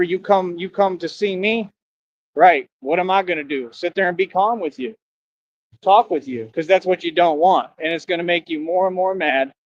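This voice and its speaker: A man's voice: sits high, no echo, lo-fi sound. A man livestreaming outdoors from the street, ranting in a boastful, taunting way, full of slang.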